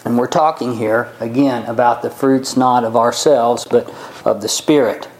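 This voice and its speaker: A man preaching a sermon, reading scripture aloud and explaining it, slowing down and stretching key words. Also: mid-range voice, fairly even intonation, low-quality recording.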